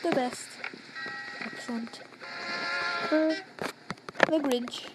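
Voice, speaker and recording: A woman's voice: sits high, extremely slow, over loud music, low-quality recording. A woman casually commentating a game in a playful, giggly, silly way. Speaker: gaming video creator. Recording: loud background noise.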